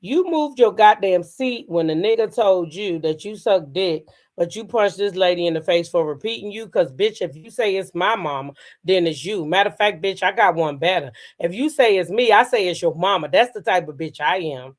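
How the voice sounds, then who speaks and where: A woman's voice: on the low side, animated, normal speed, hardly any pauses. A woman hosting a casual gossip commentary show, blunt, profane and sassy, talking straight to her audience. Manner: addresses the audience directly.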